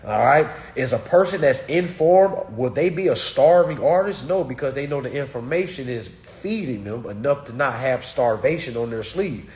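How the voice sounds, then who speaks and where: A man, giving a blunt, preachy talk to his course students that swings between loud and muttered. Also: medium pitch, expressive, normal speed, hardly any pauses. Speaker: course teacher. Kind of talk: blunt motivational rant.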